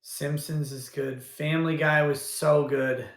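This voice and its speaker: A man's voice: a little high, little pitch movement, measured pace, a bit bright. A man hosting a casual livestream, rambling and thinking aloud as he goes, often restarting his sentences. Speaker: livestream host. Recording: roomy echo.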